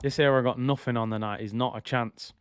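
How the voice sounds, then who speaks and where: A young man chatting through a live football watch-along, excitable and nostalgic, full of slangy banter. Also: mid-range voice, brisk, clean tone, no echo, studio quality.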